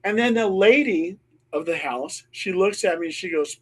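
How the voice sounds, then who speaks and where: A man's voice: high voice, moderate pace, fairly bright tone. A middle-aged man, a paranormal investigator, telling a ghost story on a panel show and acting out the voices he quotes.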